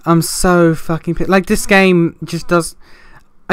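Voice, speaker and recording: A man recording commentary over a video game, frustrated and swearing as he rambles through restarts. His voice is smooth and a bit high, recorded dry and close. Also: steady tone, measured pace, no room sound. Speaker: gaming video host. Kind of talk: let's play commentary.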